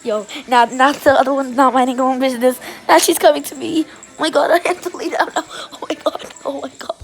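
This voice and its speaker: A woman chatting excitedly while filming her playful puppies, often gasping and exclaiming. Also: sits high, fairly quick. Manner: excitable, shrieks and gasps, keeps exclaiming. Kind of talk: casual excited commentary.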